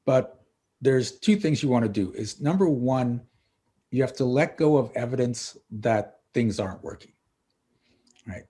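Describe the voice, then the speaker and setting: A middle-aged man, a coach and author, guesting on a podcast and telling lively stories, acting out the dialogue. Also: medium pitch, a little slow, breathy edge. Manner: animated storyteller acting out dialogue. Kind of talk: casual interview storytelling.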